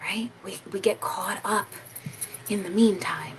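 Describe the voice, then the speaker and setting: A woman's voice: medium pitch, takes it slowly, a little hiss or hum, rough recording. Earnest woman life coach talking to camera. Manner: earnest and encouraging, sighs often, repeats phrases. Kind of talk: casual motivational talk to camera.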